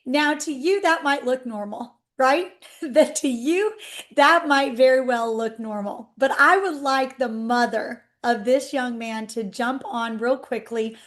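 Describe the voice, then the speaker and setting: A woman hosting a testimony session, chatty and excited, speaking straight to her audience. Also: high voice, unhurried. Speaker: host of a testimony call. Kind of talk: casual hosting on a video call.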